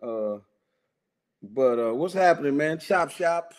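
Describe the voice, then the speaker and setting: A man's voice: a little high, animated, slow pace. A man joining a casual sports talk show as a guest, playful and teasing in his banter. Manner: playful, teasing, laughs while talking. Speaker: guest co-host.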